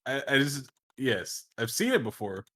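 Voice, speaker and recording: A man chatting casually on a podcast, excitable and quick to laugh. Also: medium pitch. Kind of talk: casual chat.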